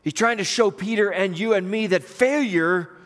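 Preacher, male, slightly high voice, lively storytelling sermon. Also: normal speed. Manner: animated storytelling, acting out quoted voices. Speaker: pastor.

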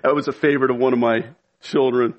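A pastor preaching a sermon with earnest conviction, building to emphatic, shouted appeals. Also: male voice, mid-range voice, steady tone, quick pace, muffled recording.

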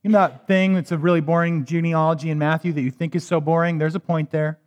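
A man with a high voice preaches a sermon, reading scripture aloud and unpacking it in a conversational, emphatic way with wry asides. His voice rings out with a long hall reverb, as if recorded in a church sanctuary. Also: fairly even intonation, quick pace.

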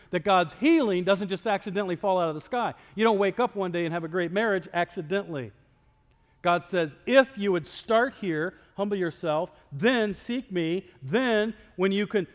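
High-voiced male pastor preaching. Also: big-room sound. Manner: conversational preaching with sudden loud and soft swings. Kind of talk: sermon. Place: church sanctuary.

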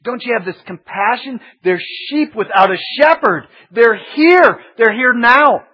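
A man's voice: very high-pitched, animated, a little slow, slightly rough, voice pushed up, full character voice. A man voicing Jesus as a compassionate figure who urgently challenges his followers with pointed questions. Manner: pressing, incredulous questions. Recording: dull lo-fi sermon recording.

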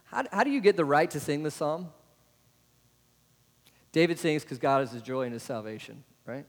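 Male pastor, questioning the congregation, a bit high-pitched, with a long church reverb. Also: moderate pace. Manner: asks the congregation many rhetorical questions, adds "right?". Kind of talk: sermon. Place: church sanctuary.

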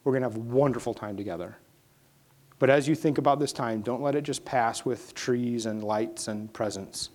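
Male pastor, sermon delivery; alternates quiet prayerful moments with climbing, emphatic peaks. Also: mid-range voice, moderate pace. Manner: swings from hushed prayerful lines to rising, emphatic preaching.

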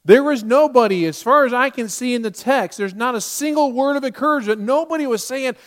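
High-voiced man preaching emphatically. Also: brisk. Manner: emphatic, swings from loud to hushed. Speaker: pastor. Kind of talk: sermon.

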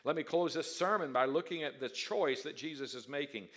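A man preaching a sermon in a bright, somewhat high voice. He moves from hushed, conversational asides to loud, stretched-out declarations and slows key words for weight. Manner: dramatic swings from soft asides to loud emphatic declarations. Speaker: pastor.

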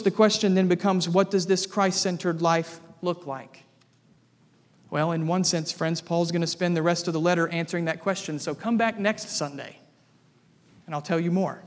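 Male pastor, sermon delivery, higher voice, deliberate emphasis, church reverb. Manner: measured, emphatic preaching with repetition.

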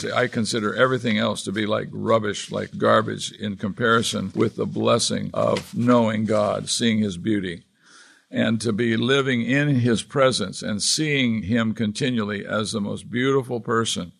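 A man's voice: lowish voice, steady tone, normal speed, gravelly, a bit bright, breathy edge. A man preaching a sermon as pastor, earnestly reading and explaining scripture verse by verse.

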